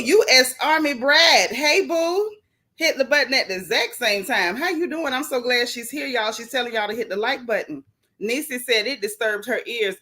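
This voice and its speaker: Greeting viewers from the chat, a woman hosts a casual gossip livestream in a fairly high voice. She's chatty and animated, with swooping, playful emphasis.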